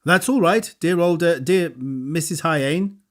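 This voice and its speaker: A man's voice: fairly high pitch, unhurried. A man doing a breezy, impulsive young gent. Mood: blustering. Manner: bright, emphatic bursts. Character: eager, eccentric young gentleman, breezy and impulsive. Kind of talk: audiobook character voice.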